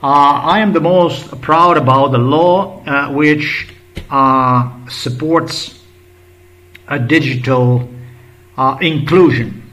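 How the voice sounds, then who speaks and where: A man's voice: medium pitch, slow, fairly bright tone. Profane sarcastic man ranting in echo. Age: 50s. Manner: profane, mocking, repetitive. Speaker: vlogger translating an interview clip. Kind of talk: angry sarcastic rant. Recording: echoey room.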